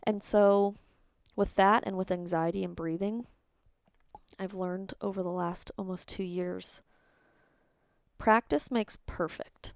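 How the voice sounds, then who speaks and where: A woman's voice: medium pitch, fairly even intonation, slow, vocal fry, long pauses, no echo, clean studio sound. A woman hosting a personal solo podcast, talking candidly and rambling, sometimes dropping into a whisper. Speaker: podcast host.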